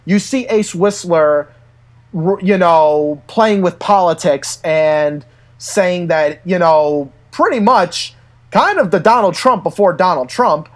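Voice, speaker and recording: A man in casual chat, telling stories in an animated way and laughing often. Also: sits high, takes it slowly. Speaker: podcast co-host.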